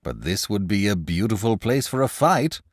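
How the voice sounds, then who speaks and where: Man as frank pleasant knight, lively and persuasive, dry close sound. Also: fairly low pitch, moderate pace, dry recording, pitched above the performer's own voice. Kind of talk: audiobook character voice.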